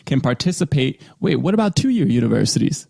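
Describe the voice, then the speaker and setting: A man's voice: medium pitch, sing-song, fairly quick, gravelly, a little mellow. A man co-hosting a podcast, joking and teasing while he reads a sponsor spot in casual banter. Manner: laughing, teasing, playful. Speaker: podcast co-host.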